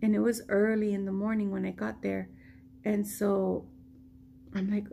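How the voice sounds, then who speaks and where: A woman's voice: medium pitch, moderate pace, vocal fry, slight background noise. An American woman vlogging a personal story in a casual way, acting out what people said. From United States. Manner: animated retelling, acting out quoted lines.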